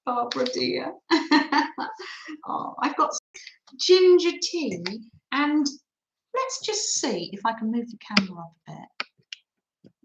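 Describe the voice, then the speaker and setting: A woman's voice: sits high, sing-song, slow pace, pauses often, roomy sound, noisy background. A woman hosting a chatty craft livestream, reading out and answering viewer comments and laughing often. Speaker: livestream host.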